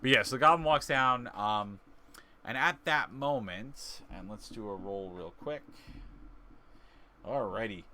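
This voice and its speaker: A man's voice: mid-range voice, a little slow, pauses often, bright, forceful tone. A man narrating as game master of a tabletop game, rambling with frequent fillers and laughs.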